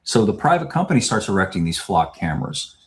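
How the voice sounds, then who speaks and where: A man speaking as a podcast guest, laying out his points in a measured, explanatory way. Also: on the low side, very animated. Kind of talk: podcast interview.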